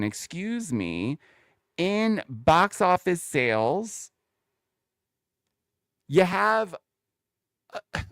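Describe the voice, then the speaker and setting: A man hosts a casual reality TV recap, talking straight to his viewers in a chatty, opinionated way. His pitch swoops around a lot as he talks. The voice is smooth and clear, recorded dry and close. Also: dry recording. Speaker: host.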